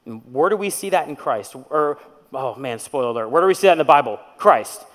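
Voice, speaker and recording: Male preacher, fairly high voice, chatty sermon delivery; church hall echo. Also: expressive, a little fast, a bit bright. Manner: conversational preaching with rhetorical questions. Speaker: pastor.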